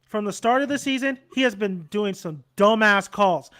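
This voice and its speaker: A man's voice: sits high, normal speed, fairly bright tone. A young man hosting a casual chat about football, rambling, laughing and swearing freely. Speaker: channel host.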